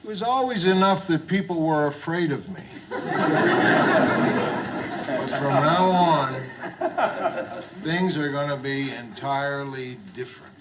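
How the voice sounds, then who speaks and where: An actor playing a gruff middle-aged bar owner who forces himself to be hearty and jovial, repeating his greetings in a 1970s studio sitcom. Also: on the high side, unhurried, long pauses, lightly acted. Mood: earnest. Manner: overly hearty, repetitive greetings. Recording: hissy old TV soundtrack.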